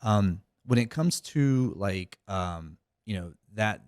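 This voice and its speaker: A man's voice: fairly low pitch, lively intonation, takes it slowly, darkish tone, smooth, dry recording, clean studio sound. A middle-aged man, a company head, talking casually as a podcast guest, rambling with many fillers and restarts. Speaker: cybersecurity company CEO, guest. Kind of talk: casual interview talk.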